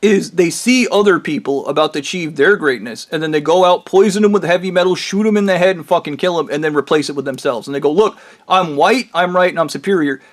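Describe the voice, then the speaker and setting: Casting note: a man ranting alone to camera, angry and swearing, slightly higher pitch. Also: fast talker, few pauses. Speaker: vlogger.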